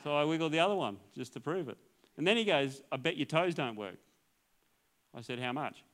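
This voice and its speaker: A male pastor tells his testimony from the pulpit with a slightly high voice. He tells it as a story, acts out the dialogue and laughs often as he goes. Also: expressive, fairly quick, fairly bright tone. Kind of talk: testimony sermon.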